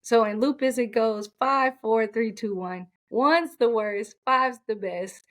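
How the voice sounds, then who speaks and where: A woman's voice: on the high side, slow pace. A woman coach, a guest on an interview podcast, telling her personal story in a candid, heartfelt way.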